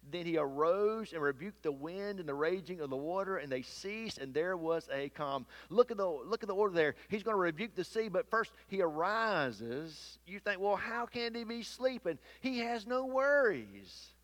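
A man preaching a sermon, swinging between loud emphatic peaks and hushed low asides, and reading scripture aloud. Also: lively intonation, moderate pace, few pauses. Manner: reads scripture aloud in King James wording.

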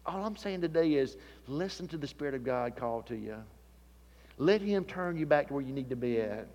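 A man preaching a sermon, building to emphatic repeated calls and dropping to quiet, earnest asides. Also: a little high, lively intonation, moderate pace, in a large hall.

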